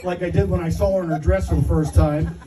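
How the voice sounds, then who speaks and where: A man's voice: fairly high pitch, fairly even intonation, quick pace, recorded from a distance, background noise. A middle-aged man giving a father-of-the-bride wedding speech, telling a story with self-deprecating humor and fighting back tears. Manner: self-deprecating, emotional, laughing through his story. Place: wedding reception hall.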